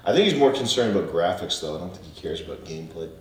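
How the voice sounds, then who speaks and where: Low-voiced man in an echoey room. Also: expressive, racing. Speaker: podcast co-host. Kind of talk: casual chat. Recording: echoey room, mic at a distance, faint music.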